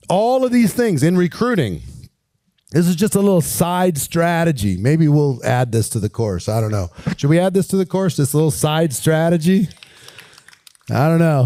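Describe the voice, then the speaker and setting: A man giving a casual coaching lesson on recruiting while walking around, energetic and persuasive, often asking rhetorical questions. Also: a little high, dry recording, studio quality.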